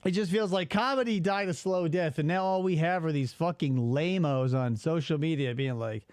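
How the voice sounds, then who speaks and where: A man in his forties hosting a casual podcast, ranting in an exasperated, animated way and swearing freely. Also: on the high side, normal speed, clear, resonant tone, dry recording, clean studio sound. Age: 40s. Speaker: podcast host.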